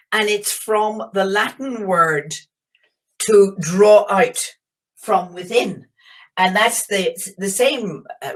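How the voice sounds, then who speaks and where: A woman's voice: medium pitch, a bit bright. An older woman from Belfast with a Northern Irish accent, a geologist giving a reflective, enthusiastic webinar talk with frequent fillers and restarts. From Belfast, Northern Ireland. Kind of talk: webinar storytelling presentation. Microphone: video call.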